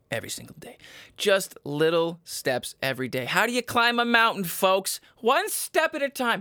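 A man's voice: sharp tone, no room sound, clean studio sound. Brash, profane man ranting advice. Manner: profane, mock-motivational rants with sudden squeaky jabs. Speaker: podcast host. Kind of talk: comedic advice monologue.

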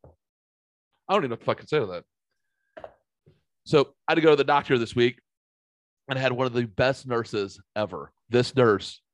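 A man's voice: medium pitch, moderate pace, pauses often, no echo. A man hosting a show, telling rambling stories in casual chat with plenty of swearing. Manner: profane, rambling, animated storyteller.

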